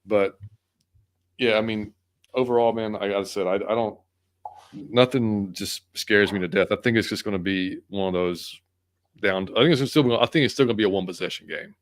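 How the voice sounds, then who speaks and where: A man's voice: on the low side, normal speed, dry recording. A man talking casually about his team, rambling with restarts in a laid-back way. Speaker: co-host guest. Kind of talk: casual sports chat.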